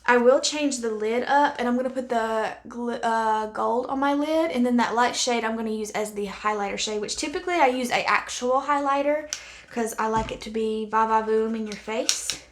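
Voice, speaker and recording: Chatty beauty vlogger woman, a bit high. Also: moderate pace. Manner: chatty and candid, thinking aloud while applying makeup. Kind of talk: casual makeup try-on chat to camera.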